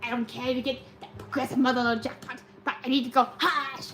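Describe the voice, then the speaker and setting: A man voicing a stern, furious woman librarian who scolds and demands quiet. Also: extremely high pitch, flat delivery, quick pace, voice pushed down.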